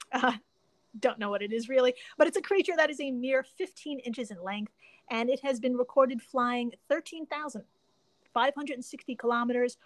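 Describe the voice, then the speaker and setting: A woman hosting a casual podcast, excitable and swearing casually, laughing often. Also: on the high side, no echo. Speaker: podcast host.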